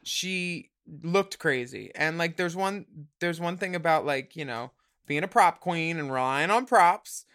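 A man's voice: fairly high pitch, a little slow, fairly bright tone, clear, resonant tone. A man co-hosting a podcast, recapping a reality show in campy, chatty talk and laughing often. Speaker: podcast co-host.

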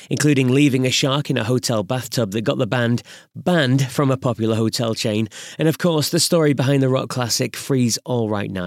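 A male podcast host delivers a scripted sign-off in a mid-pitched voice. The recording is dry and close, with no room sound. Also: no echo.

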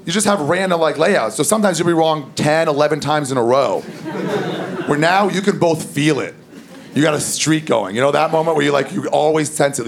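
A stand-up comedian with a fairly high, creaky voice tells a crude, loose story during his set. The live recording is full of loud crowd laughter.

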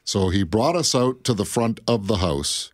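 A man's voice: fairly low pitch, expressive, moderate pace. A middle-aged man on morning radio, telling long family anecdotes in a loose, rambling way. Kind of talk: casual radio chat.

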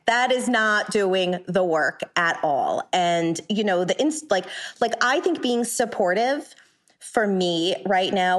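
A woman's voice: mid-range voice, lively intonation, moderate pace. A woman on a podcast panel, talking bluntly and with heated passion, swearing freely in a long, rambling turn. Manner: blunt, profane, impassioned; long rambling turns with restarts. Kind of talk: heated casual discussion.

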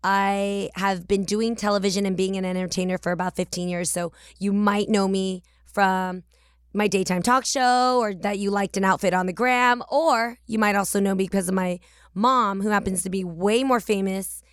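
A woman's voice: medium pitch, fairly even intonation, moderate pace, clear, resonant tone, no echo. A woman in her forties from the Bay Area, hosting a podcast in a chatty, playful, candid and reflective monologue at a studio mic. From San Francisco Bay Area. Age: 40s. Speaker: podcast host.

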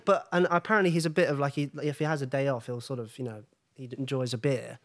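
A man's voice: mid-range voice, fairly even intonation, quick pace. A young man, a podcast guest telling stories in casual chat, giggly and full of fillers. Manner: chatty storyteller, giggly, lots of fillers.

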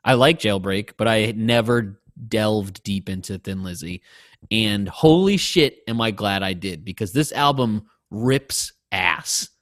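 A man co-hosting a casual podcast, with a somewhat low voice. He rambles, swears freely and gets excited. The sound is dry and close. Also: measured pace, no room sound. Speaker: podcast co-host.

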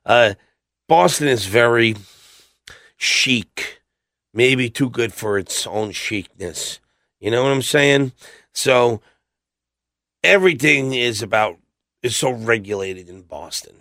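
A man's voice: mid-range voice, lively intonation, takes it slowly, long pauses, a bit bright, no echo, clean studio sound. A middle-aged man, a guest on a podcast, telling rambling, blunt stories and acting out what others said. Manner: blunt, rambling anecdotes with acted-out quotes. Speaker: podcast guest, metal singer. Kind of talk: casual storytelling interview.

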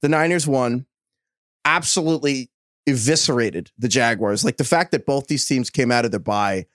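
A man co-hosting a podcast, chatting casually and rambling with quick asides. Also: mid-range voice, fairly bright tone, no room sound, clean studio sound. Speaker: podcast co-host. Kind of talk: casual sports chat.

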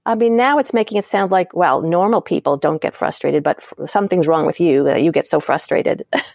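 A woman's voice: fairly low pitch, a little fast, vocal fry, darkish tone, no room sound. A woman parent educator as an interview guest, explaining ideas and acting out example phrases with light laughs.

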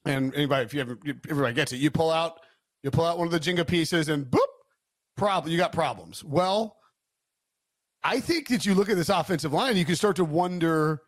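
A man's voice: on the high side, a little fast, no echo, clean studio sound. A male co-host in a casual sports betting chat who rambles, restarts his thoughts and leans on filler words.

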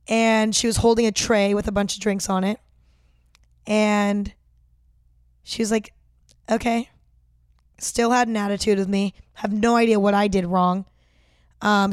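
A woman's voice: mid-range voice, smooth, dry recording, clean studio sound. A young woman host telling a personal story in a chatty way, swearing freely and saying "like" often. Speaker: vlog host. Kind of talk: casual storytime.

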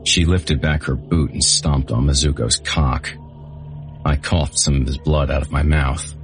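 Very deep-voiced male audiobook narrator. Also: fairly even intonation, measured pace, faint music behind. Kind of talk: first-person audiobook narration.

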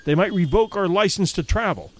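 A man doing a furious shouting safari guide. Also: lively intonation, fairly quick. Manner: shouting, rising high in anger. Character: furious male time-safari guide, harsh, commanding.

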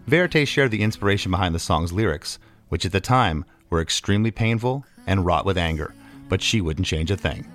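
Low-voiced male host for a casual interview; friendly, filler-heavy, with faint music underneath. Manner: friendly, repeats words, many fillers. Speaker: podcast host.

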